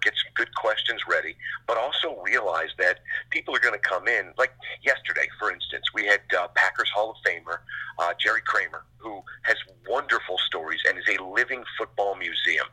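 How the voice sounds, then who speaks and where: A middle-aged sports radio host talks casually as a guest, rambling from one story to the next with quick asides. His voice is low and husky, with a hard, forceful edge to it. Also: poor audio. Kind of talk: casual interview chat.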